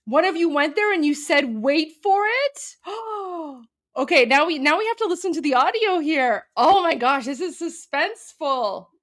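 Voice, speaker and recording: A young woman hosting a live stream, reacting to a video with gasps and quick bursts of delight. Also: sits high, lively intonation, fairly bright tone. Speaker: livestream host.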